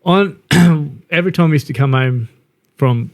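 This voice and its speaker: A man's voice: fairly high pitch, measured pace, creaky. A middle-aged Australian man telling a rowdy story on a casual podcast, laughing and swearing as he goes. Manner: laughing, swearing yarn-spinner. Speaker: podcast co-host.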